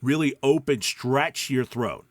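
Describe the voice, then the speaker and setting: A man teaching voice-over in a casual video lesson, speaking close to the microphone and showing how his voice drops deep and quiet. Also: lively intonation, measured pace, no echo. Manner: demonstrates pitch, drops deep and quiet then rises. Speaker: voice-over coach. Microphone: close studio mic.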